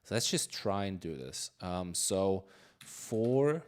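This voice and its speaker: A man talks slowly in a low voice while he codes live, thinking aloud and circling back on his sentences. He keeps it loose and conversational, full of fillers and trailing restarts. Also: animated, a little mellow. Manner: reads chat questions aloud. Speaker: live-coding streamer. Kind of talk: casual live-coding chat.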